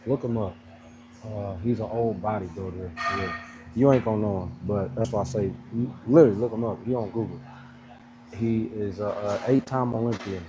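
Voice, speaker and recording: A man's voice: lowish voice, moderate pace. A man vlogging at a gym in casual chat, rambling and laughing as he tells a story. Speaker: fitness vlogger. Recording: noisy background.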